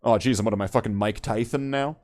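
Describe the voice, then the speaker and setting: A man's voice: on the low side, fast, a little mellow. A man hosting a podcast in casual chat, rambling and joking, swearing freely. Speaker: podcast host.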